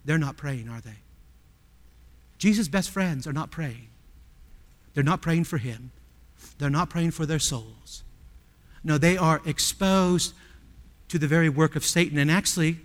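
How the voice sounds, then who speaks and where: High-voiced preacher in a reverberant hall. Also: male voice. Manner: asks the congregation rhetorical questions, swings from hushed to loud. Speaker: pastor. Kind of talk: sermon.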